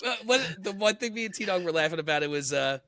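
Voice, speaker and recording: A man with a high, bright, very lively voice tells stories on a casual podcast and laughs his way through them. The sound is dry and close. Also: fast talker, no echo. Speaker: podcast co-host.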